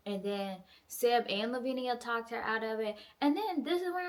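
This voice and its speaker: Animated profane woman recapping a book. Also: fairly high pitch, unhurried. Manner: animated, profane, acts out characters' lines. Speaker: book reviewer. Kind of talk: casual book review recap.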